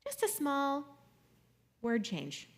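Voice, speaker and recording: A young adult woman speaking to an audience in a conversational, jokey way, swinging between loud and soft. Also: high-pitched, huge pitch swings, slow pace. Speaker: speaker giving a talk.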